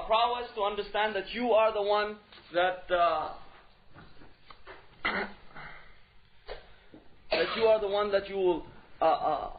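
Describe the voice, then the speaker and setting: A man giving a religious lecture in an emphatic style, repeating key phrases and asking rhetorical questions. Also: high voice. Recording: dull lo-fi recording.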